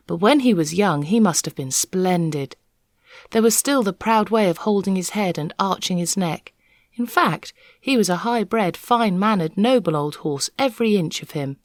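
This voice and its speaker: A woman reading a children's novel aloud, an expressive, measured storyteller. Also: on the low side, dry recording, clean studio sound. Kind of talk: expressive read-aloud narration.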